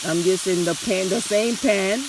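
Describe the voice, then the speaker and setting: A chatty, enthusiastic woman from the New Jersey and New York area runs a casual cooking demo at her home stove, talking straight to viewers though she's losing her voice. Her mid-range voice moves at a moderate pace over a noisy background.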